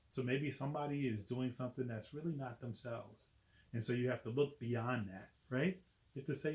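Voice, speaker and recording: A man's voice: medium pitch, normal speed, darkish tone, echoey room. Chatty man reading a picture book aloud. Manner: chatty, explains pictures, asks "right?". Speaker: volunteer reader. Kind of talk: children's read-aloud.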